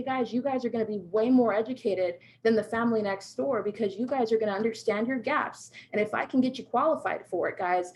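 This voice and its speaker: A woman from the United States coaching salespeople on a video call, emphatic and peppered with "right?". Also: a little high. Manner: emphatic, keeps asking "right?". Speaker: sales trainer.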